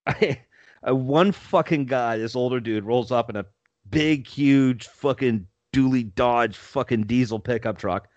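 A man's voice: mid-range voice, no room sound. Profane laughing storyteller man, dry lo-fi sound. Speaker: podcast co-host telling a story. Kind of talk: casual storytelling chat.

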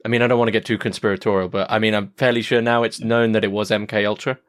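A man's voice: fairly low pitch, flat delivery, racing. A man hosting a podcast interview, asking questions in a tentative, informal way. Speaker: podcast host. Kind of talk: casual interview chat.

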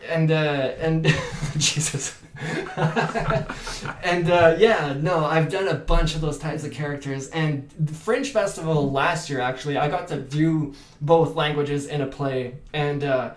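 A man from Canada whose first language is French, chatting as an actor in an interview, animated and full of restarts. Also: on the high side, normal speed, hardly any pauses. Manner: animated, many restarts and fillers. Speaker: actor and podcast guest. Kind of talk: casual interview chat. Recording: echoey room.

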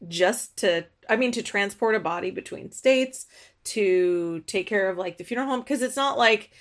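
A woman's voice: mid-range voice, normal speed. Attentive woman podcast host. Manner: attentive, with frequent short agreements. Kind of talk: casual interview.

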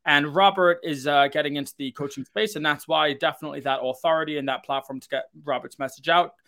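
A man's voice: on the high side, fast talker. A man hosting a live podcast, talking energetically with plenty of fillers. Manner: energetic, talkative, many fillers. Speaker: podcast host.

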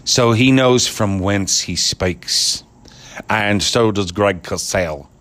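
A man's voice: low-pitched, a bit bright. A man giving a casual, opinionated sports rant, rambling and crude, mocking people and laughing at his own jokes. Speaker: sports commentator.

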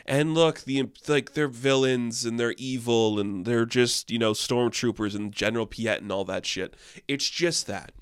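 A man's voice: mid-range voice, a little slow, smooth, no echo, clean studio sound. A young man giving a casual, sarcastic movie review, rambling and exasperated, with lots of filler words.

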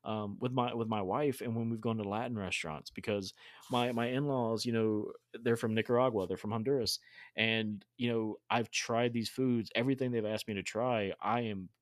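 A man's voice: lowish voice, steady tone, normal speed, dry recording. A man hosting a podcast in a friendly, casual way, often restarting his sentences. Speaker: podcast host. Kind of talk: casual chat.

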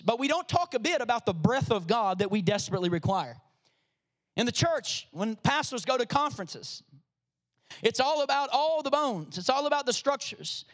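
A man's voice: very high-pitched, a bit bright. A man preaching a sermon to his congregation, reading scripture and calling on listeners to respond. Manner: preaching with rising emphasis, calls on the congregation. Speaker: pastor.

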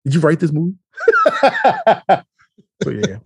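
A man's voice: medium pitch, quick pace, creaky, no echo, clean studio sound. A man co-hosting a podcast, telling stories in a slangy, rambling way in casual chat. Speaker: podcast co-host.

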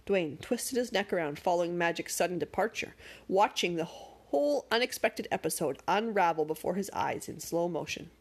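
A woman narrating a storybook with expressive, dramatic pacing. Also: lowish voice, normal speed.

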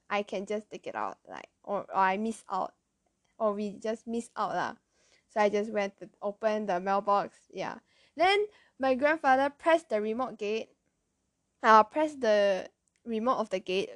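A woman with a Malaysian English accent tells a story in a loose, chatty way, correcting herself and dropping slang along the way. Her voice sits a bit high. The recording is dry and close. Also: dry recording. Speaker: vlogger. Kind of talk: casual storytelling.

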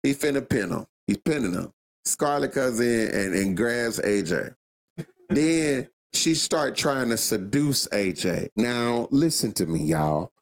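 Animated gravelly man chatting. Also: medium pitch, a little slow, slight background noise. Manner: animated storyteller, slangy, laughs often. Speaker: podcast co-host. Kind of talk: casual wrestling chat.

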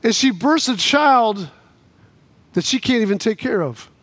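A man with a very high voice delivers a sermon in a dry, close sound with no room echo. He tells his story animatedly, putting on the voices of each person in it. At the high points he climbs almost to a shout. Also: lively intonation, a little slow. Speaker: pastor.

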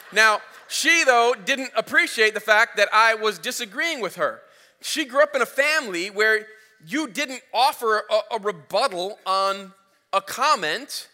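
A man in his thirties preaching a sermon as a pastor, telling a story in an animated way, his voice rising as it builds. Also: high-pitched. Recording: reverberant hall.

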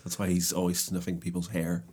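Brief: male co-host, low voice, rapid delivery, deadpan quips in relaxed chat. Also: husky. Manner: dry quips, quick storytelling. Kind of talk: casual chat.

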